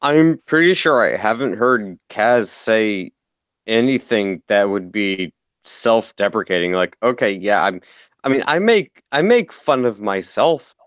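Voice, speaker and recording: A man's voice: fairly low pitch, animated, a bit bright, clear, resonant tone, dry recording. A man in casual online chat, arguing his point at length with swearing, from a home mic. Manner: measured, drawn-out argument with swearing.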